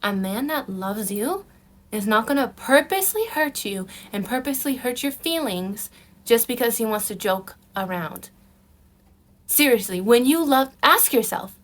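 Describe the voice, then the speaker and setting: A young woman talking casually in a dating advice vlog, emphatic and repetitive, calling the viewer honey. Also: a little high. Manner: emphatic, repeats herself, calls the viewer honey. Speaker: vlogger giving dating advice.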